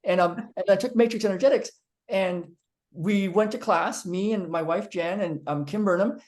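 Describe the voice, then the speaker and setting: Male therapist telling a personal story on camera, lively and rambling. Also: sits high, normal speed. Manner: animated storyteller, acting out quotes; frequent ums and restarts. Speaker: physical therapist. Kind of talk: storytelling monologue to viewers.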